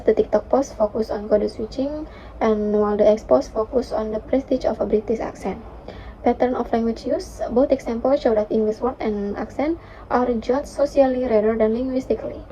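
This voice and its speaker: A young woman, a university student, reading a class presentation with careful, steady delivery and occasional fillers. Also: fairly high pitch, a little hiss or hum. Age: young adult. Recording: dull lo-fi recording.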